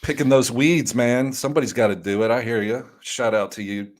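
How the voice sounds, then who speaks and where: A man co-hosting a fantasy baseball podcast, jokey and animated, often repeating words as he starts a thought. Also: medium pitch, brisk. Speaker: podcast co-host. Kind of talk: casual chat.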